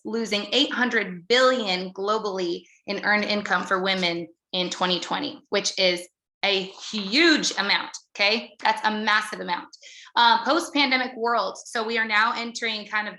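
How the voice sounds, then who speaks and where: A woman coaching her business team in a motivational talk, talking fast and earnestly, with many fillers and restarts. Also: mid-range voice, bright, forceful tone, roomy sound.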